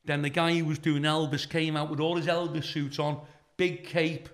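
His voice a little high and his speed normal, this comedian guest, a middle-aged Briton, launches into a profane tale. He brings it to life by acting out everyone involved.

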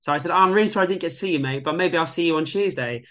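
A man chats casually as a radio guest. His voice is bright and a little high, and he tells stories with animated, quoted voices. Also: rapid-fire. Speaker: guest, music venue tech. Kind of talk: casual chat.

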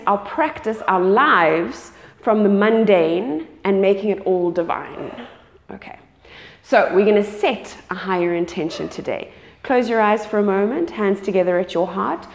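A woman's voice: mid-range voice, normal speed. A woman teaching a live yoga class, guiding students and checking in with frequent "okay"s. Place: yoga studio. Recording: echoey studio with long reverb.

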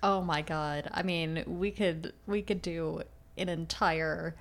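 A woman co-hosting a podcast in a casual book discussion, playful and quick to laugh. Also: deep voice, steady tone. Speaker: podcast co-host.

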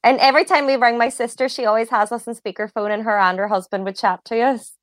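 A woman's voice: fairly high pitch, fairly even intonation, fast, no echo, clean studio sound. A woman co-hosting a podcast, telling a story in a chatty way. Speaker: podcast co-host. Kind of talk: casual chat.

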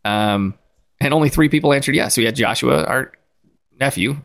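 A man in his forties co-hosting a casual podcast, relaxed and quick to laugh while going over listener poll answers. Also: medium pitch, gravelly. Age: 40s. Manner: easygoing, laughs often, reads out listener poll results. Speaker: podcast co-host. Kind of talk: casual chat.

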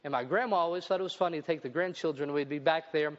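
A man's voice: on the high side, quick pace. A middle-aged male pastor preaching a sermon in a church, reading scripture aloud and adding his own asides. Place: church building. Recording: dull sound with long hall reverb.

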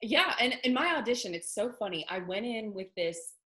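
A woman's voice: mid-range voice, expressive, moderate pace, bright, forceful tone. A young woman, a country singer, chatting casually in an interview with lots of fillers. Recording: echoey room.

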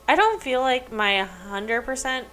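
A woman co-hosting a podcast in casual chat, agreeable and quick to chime in with short backing words. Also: high voice, expressive, bright, forceful tone. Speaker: podcast co-host.

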